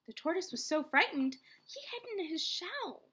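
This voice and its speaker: A woman teacher reading a picture book aloud to children, expressive and talking to them as friends. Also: high voice, moderate pace, few pauses. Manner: expressive, addresses listeners as friends.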